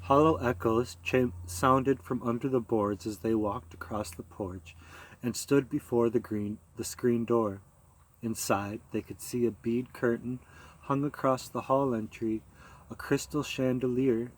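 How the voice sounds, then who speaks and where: A man reading a short story aloud as an audiobook, in a calm, measured way. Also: medium pitch, rough recording. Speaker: audiobook narrator. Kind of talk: audiobook narration.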